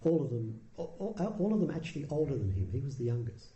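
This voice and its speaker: A man giving a Buddhist dharma talk, telling the story in a relaxed, conversational way with dry humour. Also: medium pitch, fast talker. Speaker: dharma teacher. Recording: roomy echo.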